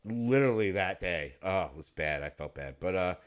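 A man's voice: sits low, expressive, moderate pace. A man co-hosting a podcast in casual chat, a rambling storyteller who laughs and curses freely. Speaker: podcast co-host.

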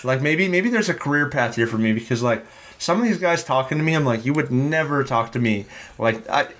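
A man's voice: mid-range voice, expressive, a little fast, a bit bright. Wry rambling male podcast co-host. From Canada. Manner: wry, rambling storyteller with filler likes. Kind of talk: casual sports podcast banter.

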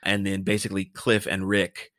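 A man's voice: sits low, monotone, moderate pace, a bit bright, no echo, studio quality. A man co-hosting a podcast, talking casually about a film with hesitant restarts. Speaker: podcast co-host.

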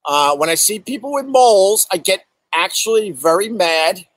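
A middle-aged man tells stories in a casual, animated way, swearing freely and acting out what people said. His voice sits a bit high, and the sound is dry and close. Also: moderate pace, no room sound, poor audio. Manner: animated, profane, acts out exaggerated quotes; reads and answers viewer chat. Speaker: comedian host. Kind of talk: casual storytelling monologue. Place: outdoors in bright sun.

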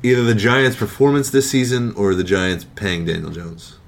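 Low-voiced sarcastic man co-hosting. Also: expressive, normal speed, gravelly. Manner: sarcastic, self-deprecating. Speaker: podcast co-host. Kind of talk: casual sports chat.

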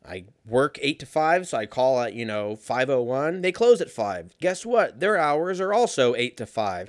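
A young man telling a casual story in a sarcastic, profane, animated way. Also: mid-range voice, normal speed, few pauses, no echo, studio quality.

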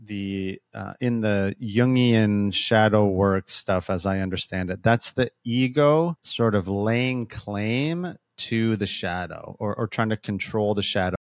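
A man's voice: fairly low pitch, slow pace, few pauses, dry recording, clean studio sound. A man co-hosting a podcast, explaining ideas thoughtfully with frequent restarts. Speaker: podcast co-host. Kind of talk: casual podcast discussion.

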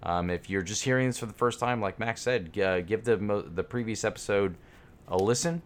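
A man co-hosting a podcast, speaking earnestly in a halting way with lots of fillers. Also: lowish voice. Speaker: podcast co-host. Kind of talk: casual chat.

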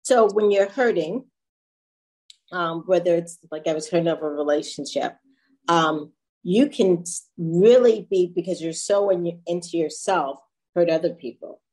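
A woman's voice: lowish voice, a little slow, a little mellow, rough recording. A woman hosting a talk show, speaking reflectively and sometimes searching for words. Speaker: host. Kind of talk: casual podcast talk.

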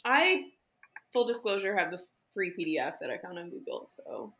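A young woman guest on a book podcast with a bright, forward voice. She chats in a giggly, animated and playful way. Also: lowish voice, moderate pace. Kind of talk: casual book podcast chat.

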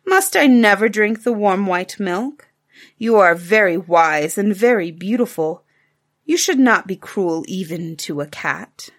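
A woman's voice: medium pitch, expressive, a little slow. A woman voicing a proud, wily male cat in a storybook fable, haughty and coaxing. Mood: pleading. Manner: haughty, then pleading.

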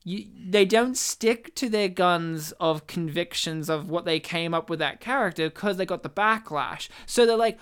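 A man's voice: high-pitched, moderate pace, few pauses, a bit bright, smooth. A man co-hosting a casual chat show, ranting emphatically and swearing freely. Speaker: podcast co-host.

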